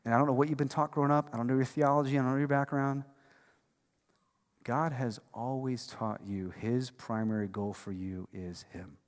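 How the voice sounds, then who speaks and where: A man preaching a sermon as pastor, conversational and emphatic, dropping from loud bursts to hushed lines. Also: mid-range voice, fairly even intonation, moderate pace. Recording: long reverb of a large hall.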